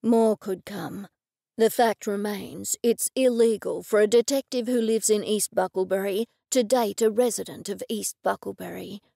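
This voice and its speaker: A woman's voice: mid-range voice, normal speed, vocal fry, dark tone, no echo, clean studio sound. A woman voicing an earnest, protective detective. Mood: explaining.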